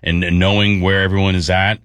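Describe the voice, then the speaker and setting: A man co-hosting a sports radio show, talking in a relaxed way and thinking aloud. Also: low voice, brisk, no room sound, studio quality. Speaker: radio co-host and analyst. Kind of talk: casual sports radio talk.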